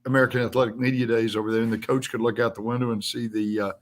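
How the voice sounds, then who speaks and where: A man's voice: medium pitch, little pitch movement, racing. Mid-voiced man rambling sports trivia. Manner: meandering, many fillers and trivia. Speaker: guest, sports information director. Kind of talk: casual sports talk.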